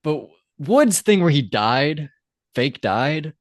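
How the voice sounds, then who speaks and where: A man's voice: a little high, very animated, slow pace, dry recording, studio quality. A man co-hosting a casual podcast, recapping an episode bluntly, swearing freely and acting out lines in sudden shifts of voice. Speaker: podcast co-host.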